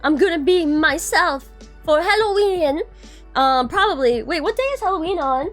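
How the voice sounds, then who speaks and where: A woman's voice: extremely high pitch, lively intonation, moderate pace, faint music behind. A young adult woman streaming, chatting casually and greeting her viewers by name, bubbly and swearing now and then.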